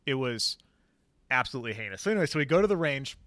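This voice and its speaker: A man's voice: medium pitch, sing-song, fast talker, fairly bright tone, no echo, clean studio sound. A man hosting a podcast, telling a long story in casual chat, rambling with lots of fillers and casual swearing. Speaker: podcast host.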